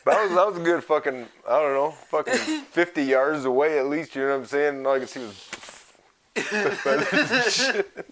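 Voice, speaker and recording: A man's voice: a little high, animated, moderate pace, fairly bright tone, slight background noise. A man co-hosting a casual podcast, telling stories full of swearing and laughter. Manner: profane, laughing storyteller. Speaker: podcast co-host. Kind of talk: casual stoner chat.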